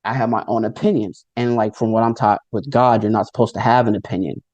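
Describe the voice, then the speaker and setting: A man's voice: lowish voice, steady tone, fast, darkish tone, no echo, dull audio. A man giving a casual personal testimony, telling a story loosely with many fillers and acting out quoted lines. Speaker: near-death experience speaker.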